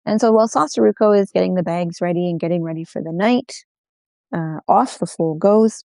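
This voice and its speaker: A woman telling a folk tale aloud, unhurried, repeating phrases in an oral style. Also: on the low side, vocal fry, dark tone, no room sound. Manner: unhurried, with many repetitions. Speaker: storyteller.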